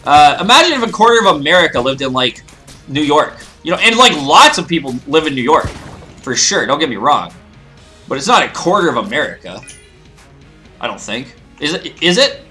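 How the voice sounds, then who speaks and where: A man's voice: on the high side, very animated, brisk, pushed and bright, soft background music. A young Canadian man rambling casually while playing a video game, breaking into goofy exclamations. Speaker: gaming video host. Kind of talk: casual let's-play commentary.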